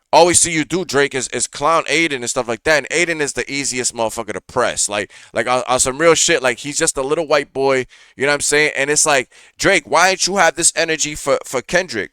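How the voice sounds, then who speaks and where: A man hosting a reaction show, ranting through casual, profane commentary full of fillers. His voice is bright and crisp, a little high, and it sits close to the mic in a dry room. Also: dry recording. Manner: profane, animated rant with frequent fillers.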